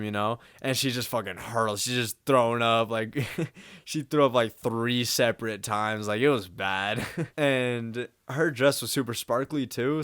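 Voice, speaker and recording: Late-teen male vlogger, casual storyteller, slangy and profane, smooth and resonant, dry close sound. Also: medium pitch, a bit bright, no room sound. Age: late teens. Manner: laid-back slangy delivery, frequent swearing and laughs.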